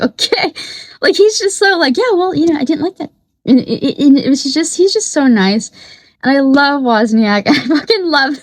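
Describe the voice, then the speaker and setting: A woman's voice: fairly high pitch, no echo. A woman hosting her own show, chatting casually and rambling with frequent laughs and swearing, recorded in her home studio. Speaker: podcast host. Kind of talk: casual solo commentary.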